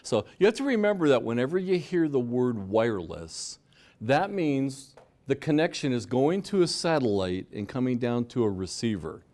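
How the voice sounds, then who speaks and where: Lively man giving a fraud-warning talk. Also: medium pitch, normal speed. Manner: lively, conversational, acts out scammers' lines. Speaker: fraud prevention speaker. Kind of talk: presentation to an audience.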